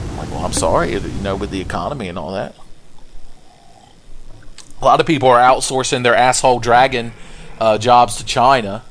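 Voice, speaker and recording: A man's voice: medium pitch, fairly quick, long pauses, slight background noise. A man giving crude, joking let's-play commentary while gaming, slipping into silly voices for game characters. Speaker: gameplay commentator.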